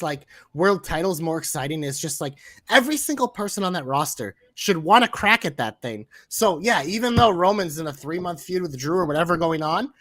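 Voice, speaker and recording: Excitable podcast guy, high bright voice, super dry sound, chats and swears casually. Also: dry recording. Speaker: podcast host. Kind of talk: casual wrestling podcast chat.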